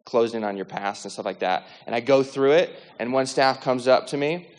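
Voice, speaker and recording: A man shares his faith testimony in a lively, conversational style. He acts out the people in his story and scatters filler words throughout. His voice sits in a middle register and carries a long reverb, as if he is speaking in a large hall. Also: mid-range voice, fairly quick. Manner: lively, acts out quoted dialogue, many "like" fillers. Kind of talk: animated storytelling.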